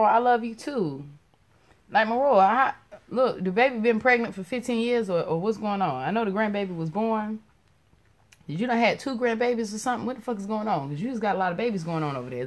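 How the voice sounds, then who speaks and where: A woman hosting a live stream in casual spiritual talk, blunt and profane, joking with viewers and repeating words softly. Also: medium pitch.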